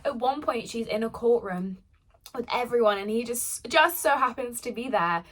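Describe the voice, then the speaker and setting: A woman's voice: on the high side, animated, normal speed, a bit bright. A young woman who is a book vlogger, chatting casually to camera at home in a bubbly, gushing way. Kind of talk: casual vlog talk to camera.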